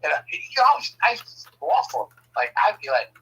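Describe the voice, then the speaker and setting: A man telling a family story casually, profane and animated, often laughing. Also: fairly high pitch, fast, slightly rough, rough recording.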